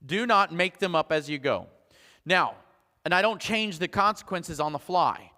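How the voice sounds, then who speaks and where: A man's voice: fairly high pitch, expressive, normal speed, pushed and bright, big-room sound. A man preaching a sermon as pastor, talking conversationally with frequent restarts and acting out his own family conversations. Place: church sanctuary.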